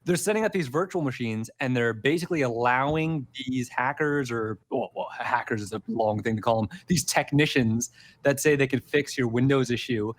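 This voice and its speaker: A man co-hosting a tech podcast, telling stories in a rambling, casual chat and laughing easily. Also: medium pitch. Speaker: podcast co-host.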